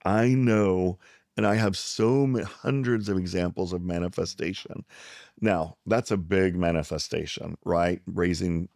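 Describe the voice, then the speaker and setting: A man's voice: low voice, measured pace, gravelly, no room sound, studio quality. A middle-aged man from South Texas, a psychiatrist guest, telling a story in conversation and acting out the people he quotes. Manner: animated storyteller who acts out the people he quotes.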